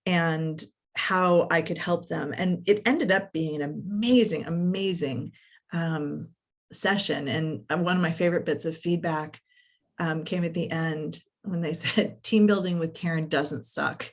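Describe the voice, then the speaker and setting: A middle-aged woman coach telling a work story in a podcast conversation, animated and full of quoted dialogue and fillers. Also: on the low side. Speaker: coach and workshop facilitator.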